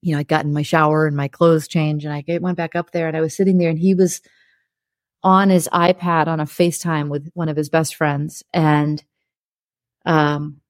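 A woman's voice: deep voice, level tone, normal speed, no room sound, studio quality. A woman speaking as an interview guest, telling a personal story in a frank, emotional way and laughing through hard memories. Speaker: interview guest, television producer. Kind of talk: candid conversational storytelling.

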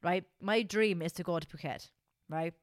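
A woman in her twenties with an Irish accent, co-hosting a podcast in animated, casual chat full of swearing. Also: fairly low pitch, moderate pace, dry recording, studio quality. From Ireland. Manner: animated and swearing, says "lads" a lot. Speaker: podcast co-host.

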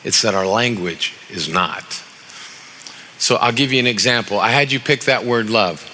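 A middle-aged man preaching a sermon as pastor in a church, telling stories with animated quoted voices and reading scripture aloud with rising emphasis. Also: fairly low pitch, normal speed, a little hiss or hum. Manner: animated storytelling with acted quotes.

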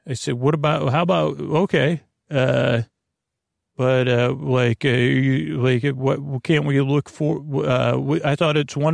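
A man with a gravelly, mid-pitched voice hosts a comic monologue, wandering from thought to thought with fillers and false starts. He stretches quoted phrases into slow, half-sung lines. The recording is dry and close. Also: steady tone, no room sound. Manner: halting, full of fillers and restarts, sings quotes slowly. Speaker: comedy podcast host.

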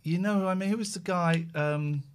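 A man's voice: high voice, fairly quick, noisy background. A man co-hosting a podcast, chatting casually and wryly as he reacts to video clips. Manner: wry, musing commentary. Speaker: podcast co-host.

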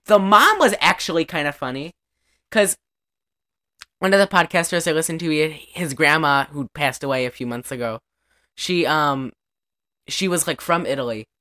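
A young woman co-hosting a casual podcast rambles through a movie recap, stuffing it with "like" and acting out lines from the film. Her voice sits low and has a sharp edge, and she talks at a moderate pace with frequent pauses.

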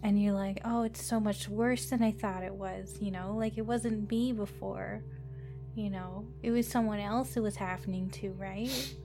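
A woman playing a small, gentle good-cop woman. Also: mid-range voice, fairly even intonation, normal speed, soft background music, voice pushed down, natural voice. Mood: soothing. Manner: soft, coaxing, reassuring.

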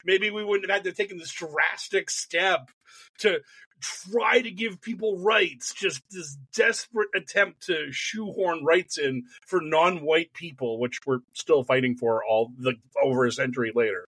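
A man's voice: fairly high pitch, a little slow, a bit bright, husky, dry recording. A man hosting a casual political podcast over a call, rambling, self-deprecating and profane. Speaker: podcast host.

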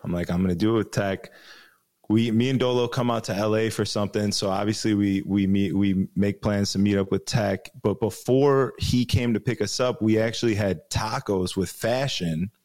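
Laid-back low-voiced man from Chicago. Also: moderate pace, hardly any pauses, a little mellow. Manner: laid-back, swears freely, slangy storytelling. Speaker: guest DJ. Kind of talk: casual chat.

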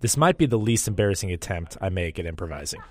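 A male radio host reads a scripted segment narration. His voice sits on the low side, and his humor is wry and self-deprecating. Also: sing-song, quick pace, very noisy.

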